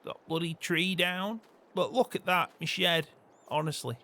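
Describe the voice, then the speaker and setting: A man's voice: on the high side, a little slow, sharp tone. A man playing a grumpy farmer in a game role-play, grumbling and swearing constantly. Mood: complaining. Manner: grumbling, peppers every line with swearing.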